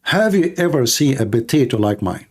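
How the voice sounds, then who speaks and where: A man's voice: mid-range voice, very animated, normal speed, a little mellow. A man hosting a teasing, joking live-stream cooking chat. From Middle East. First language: Arabic. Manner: teasing, joking, laughing at own jokes.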